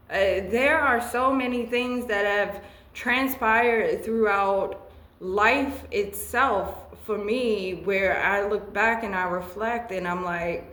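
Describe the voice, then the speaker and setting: A woman with a mid-range, fairly bright voice combines a tarot reading with personal chat about her life. She's earnest and emotional, often beginning sentences again. The recording is rough and reverberant.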